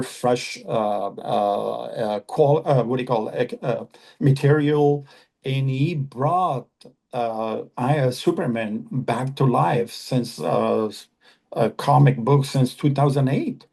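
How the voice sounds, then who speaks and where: A man from Afghanistan in his fifties speaks as a podcast guest, earnest and halting, often restarting and repeating himself. His voice is low in brightness and gravelly, with a husky edge. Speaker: actor guest. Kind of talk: podcast interview.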